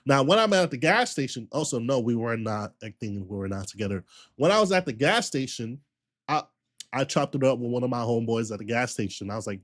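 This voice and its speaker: A man streamer telling a long story in a casual, slangy rant, full of repetition and animated retellings. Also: medium pitch, fairly quick.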